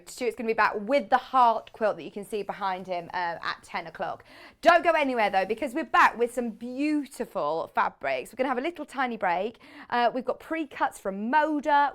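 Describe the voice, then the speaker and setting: Upbeat woman hosting a TV shopping show. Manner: upbeat and enthusiastic, pitching products. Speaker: shopping channel host. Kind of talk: live TV shopping presentation. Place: TV shopping studio.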